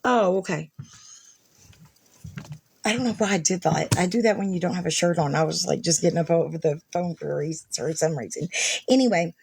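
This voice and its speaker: A woman's voice: fairly low pitch, brisk, vocal fry, pauses often, a little mellow, slight background noise. A woman vlogger talking casually and rambling, with frequent swearing and fillers as she reads through messages. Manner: rambling, profane, many fillers. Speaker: vlogger reading messages aloud. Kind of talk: casual storytelling.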